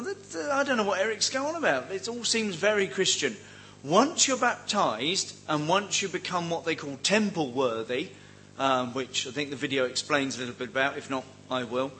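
A man's voice: on the high side, bright, forceful tone, slight background noise, rough recording. A man giving an informal teaching talk on cults, chatty and wry, with many ums and joking asides. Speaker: seminar speaker on cults.

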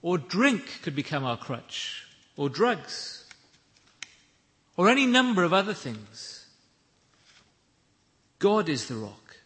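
A man preaching a sermon, measured and emphatic, with deliberate pauses. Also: fairly high pitch, big pitch swings, a bit bright, big-room sound.

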